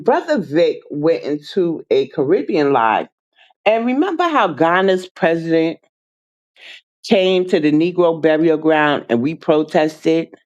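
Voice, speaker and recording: A livestream host talking slowly, sounding weary and indignant. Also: medium pitch, dull audio. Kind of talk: livestream talk.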